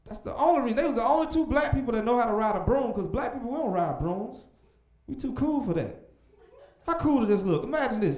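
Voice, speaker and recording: A young man doing a stand-up comedy set on a club stage, animated, breaking into loud shouted voices for punchlines. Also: very high voice, fast, reverberant.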